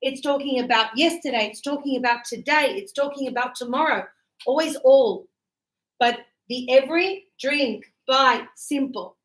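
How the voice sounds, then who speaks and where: A woman's voice: sits high, normal speed, a bit bright. A woman teaching an English grammar lesson to a class, explaining patiently with examples and encouraging her students. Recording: echoey classroom sound.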